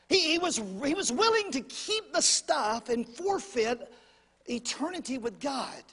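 A male preacher telling a story in a sermon, swinging from shouts to whispers and calling out to the congregation. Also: very high voice, breathy edge, big-room sound.

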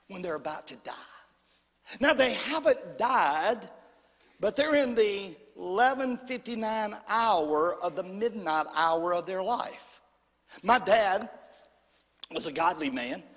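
A man preaching a sermon, swinging from loud declarations down to hushed whispers. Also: sits high. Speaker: pastor. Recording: long hall reverb.

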